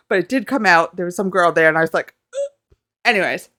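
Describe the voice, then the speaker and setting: Flustered, excitable young woman with a smooth voice. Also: lowish voice, fast talker, dry recording, studio quality. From Canada. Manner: excitable, flustered, rambling with frequent swearing. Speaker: vlogger. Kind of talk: casual reaction vlog storytelling. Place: home.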